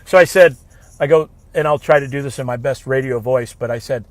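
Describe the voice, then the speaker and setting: A man telling a story in an animated way, acting out both sides of a phone conversation. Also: mid-range voice, a little fast. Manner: acts out both sides of the dialogue, with small restarts. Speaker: guest telling a negotiation story.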